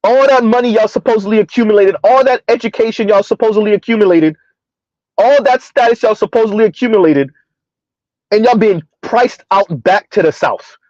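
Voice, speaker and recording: A man's voice: high-pitched, a little fast, a little mellow, no room sound, muffled recording. A man from the US South giving sarcastic, mocking reaction commentary and reading out chat comments. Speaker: commentary streamer.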